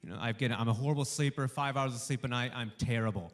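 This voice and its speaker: A male stand-up comedian doing a warm-up set for a studio audience, delivering punchy jokes and acting out bits of dialogue. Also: mid-range voice, quick pace. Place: live comedy show before a studio audience.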